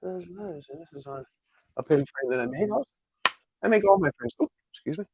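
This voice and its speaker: A man's voice: high-pitched, animated, fast, noisy background. A man chatting casually with viewers on a live stream while showing his pin collection and answering their comments.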